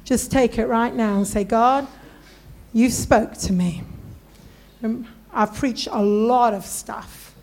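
A woman preaching with a high, bright voice. She tells her stories with gusto and acts out the people in them. She urges the congregation to pray and stand up. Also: slow. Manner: storytelling, animated, acts out voices in anecdotes. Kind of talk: sermon.

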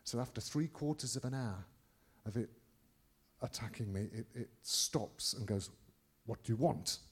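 A middle-aged Englishman preaching by telling a personal story, rambling with many restarts and sudden jumps in loudness. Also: medium pitch, moderate pace, husky. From England. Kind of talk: anecdotal preaching to a congregation.

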